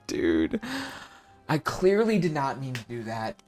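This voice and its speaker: A man streaming a card game, giving live gameplay commentary while talking to his chat in a self-mocking, animated way. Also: mid-range voice, takes it slowly, soft background music.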